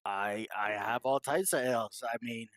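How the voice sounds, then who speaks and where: A man's voice: medium pitch, normal speed, a bit bright, no room sound, lightly acted. Shady grinning barkeep with sly sales patter, voiced by a man, dry close sound. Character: shady grinning male tavern bartender.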